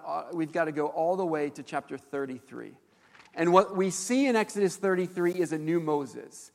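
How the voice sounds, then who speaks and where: Casting note: man, pastor delivering a sermon, somewhat high voice, long reverb of a hall. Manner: animated storytelling preacher with fillers.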